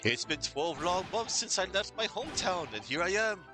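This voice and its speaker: A man voicing an excitable, paranoid male scholar in a game, given to dramatic, alliterative outbursts. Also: high voice, normal speed. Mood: overjoyed. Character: excitable anxious Japanese male scholar prisoner. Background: game music.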